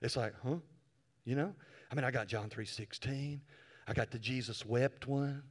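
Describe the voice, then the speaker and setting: A male pastor preaching a sermon, telling stories with animated swings from quiet asides to loud bursts. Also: mid-range voice, moderate pace.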